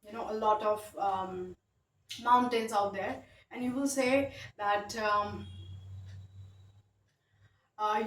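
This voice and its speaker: A woman's voice: medium pitch, fairly even intonation, takes it slowly, pauses often, fairly bright tone, a little hiss or hum. A woman teaching a grammar lesson, explaining patiently with many fillers and tag questions. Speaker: English teacher. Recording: echoey room, mic at a distance, faint ambience.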